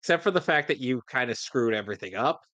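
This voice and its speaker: A man's voice: mid-range voice, lively intonation, fast talker, a bit bright, no echo. A man riffing on a film with a co-host, making sarcastic quips at the screen. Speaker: movie commentary co-host. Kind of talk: casual movie riffing commentary.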